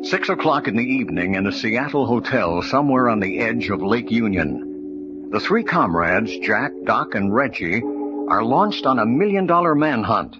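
A man narrating and announcing an old radio drama with measured, dramatic delivery. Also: medium pitch, big pitch swings, music in the background. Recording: noisy lo-fi old radio recording.

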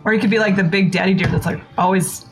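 A woman's voice: medium pitch, steady tone, fast talker, music in the background. A woman playing a tabletop game, joking with the others in a playful way. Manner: playful, jokey. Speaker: player. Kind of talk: casual tabletop play.

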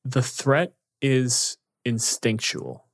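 A man's voice: medium pitch, steady tone, very slow, vocal fry. A man co-hosting a podcast, recapping a book in loose, profane storytelling full of fillers. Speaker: podcast co-host.

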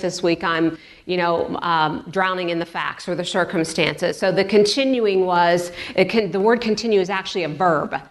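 Woman pastor, lowish voice, conversational sermon delivery, repeats words for emphasis. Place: church.

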